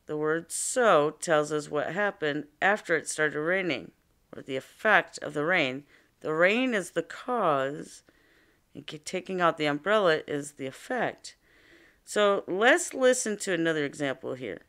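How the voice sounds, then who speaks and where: Teacher lady talking slow and clear to little kids, patient, smooth voice. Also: low voice, animated, a bit bright. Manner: slow, patient, explaining with examples. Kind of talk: reading lesson for young children.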